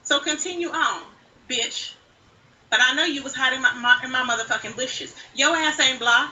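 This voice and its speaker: A woman's voice: sits high, normal speed. Woman cursing out someone on a stream. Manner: heavy cursing, confrontational, scolding. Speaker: livestreamer. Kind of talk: angry livestream rant. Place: played back from another live stream. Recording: bright clip with background noise, far from mic.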